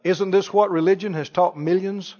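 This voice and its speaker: A man preaching a sermon, animated, asking the congregation questions and acting out scenes. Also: high voice, moderate pace. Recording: reverberant church hall, dull lo-fi sound.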